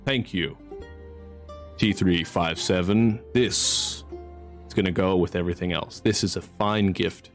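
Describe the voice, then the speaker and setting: A man voicing a charming male gnome shopkeeper who speaks with soft, effusive courtesy. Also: low-pitched, measured pace, faint music behind. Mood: gracious.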